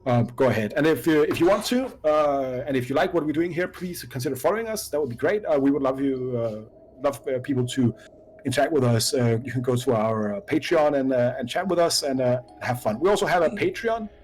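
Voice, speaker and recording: Halting man signing off a stream. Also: medium pitch, animated, a little mellow, a little hiss or hum. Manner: halting, many fillers and restarts. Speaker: co-host of a live-play stream. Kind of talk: casual sign-off chat.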